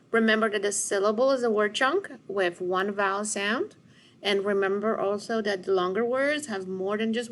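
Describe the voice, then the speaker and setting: A woman's voice: fairly high pitch, a bit bright, a little hiss or hum. Woman teacher sounding out syllables. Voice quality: slow, deliberate classroom delivery, stretching out words. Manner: encouraging, sounding words out syllable by syllable. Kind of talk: recorded classroom lesson for children.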